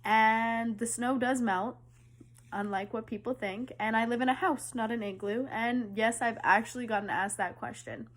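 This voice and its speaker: A woman's voice: fairly high pitch, steady tone, moderate pace. A young woman from Western Canada, narrating a scripted explainer in an upbeat, playful, lightly sarcastic way.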